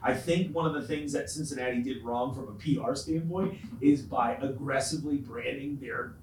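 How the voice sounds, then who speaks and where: A man hosting a casual podcast chat, talking in an animated, emphatic way with big jumps in pitch. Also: moderate pace, a little hiss or hum. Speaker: podcast host. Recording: echoey room, distant mic.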